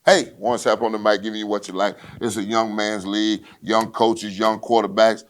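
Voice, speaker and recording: Guy doing a football rundown, lowish voice, loud swaggering trash talk. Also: flat delivery, moderate pace. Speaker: podcast host. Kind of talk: solo sports rundown, casual and brash.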